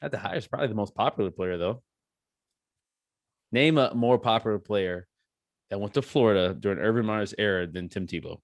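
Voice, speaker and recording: A young man co-hosting a casual podcast, joking around and laughing easily with quick asides. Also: on the low side, gravelly, dry recording. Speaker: podcast co-host.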